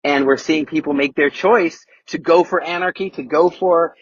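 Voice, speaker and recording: Man, podcast guest, emphatic, repeats key words, husky, lo-fi remote line. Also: fairly high pitch, steady tone, moderate pace, dry recording. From United States. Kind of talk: casual interview talk.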